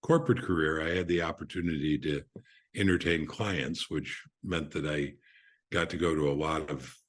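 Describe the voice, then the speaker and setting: An older man with a notably deep voice shares stories as a podcast guest. His tone is husky, and he talks unhurriedly, with frequent fillers and restarts. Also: steady tone, moderate pace. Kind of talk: relaxed anecdote telling.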